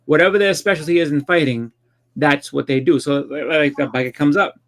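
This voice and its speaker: A man in a casual podcast chat, talking quickly and repeating words as he goes. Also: a little high, a bit bright. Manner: rapid, repeats words as he talks.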